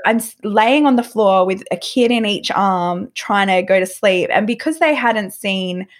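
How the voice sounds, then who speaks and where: A woman's voice: mid-range voice, unhurried. A woman guest on a podcast, telling a story casually and animatedly, filling her speech with "like". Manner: animated, filler-heavy with frequent "like".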